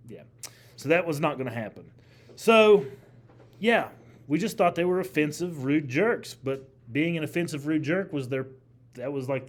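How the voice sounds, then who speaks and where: Animated male history teacher lecturing. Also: fairly high pitch. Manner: animated, asks the class questions and repeats key phrases. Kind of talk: classroom lecture. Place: classroom.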